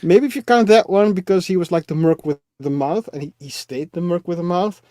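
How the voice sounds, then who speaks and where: A man's voice: sits high, fairly quick, dark tone, no room sound, clean studio sound. A man co-hosting a casual film chat, thoughtful and hesitant, laughing often. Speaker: co-host. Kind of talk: casual chat about films.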